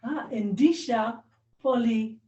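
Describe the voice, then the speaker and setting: Slow, tentative woman learner, echoey room. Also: fairly high pitch, dark tone, dull audio. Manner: tentative, repeats words after the teacher. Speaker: student. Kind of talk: language lesson practice.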